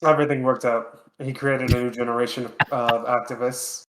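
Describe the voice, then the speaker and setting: A man with a mid-pitched voice rambles through stories, leaning on "like" and "um" and dropping casual swears. His voice carries a noticeable roomy echo. The talk is loose, unscripted podcast chat. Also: little pitch movement, brisk, noisy background. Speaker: podcast co-host.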